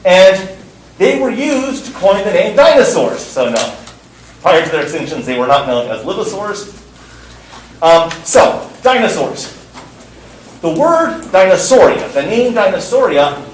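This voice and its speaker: A man's voice: high-pitched, sing-song, a little slow, echoey room, far from the mic, slight background noise, poor audio. A man teaching a university course, lecturing in an emphatic way and repeating words for stress. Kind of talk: classroom lecture.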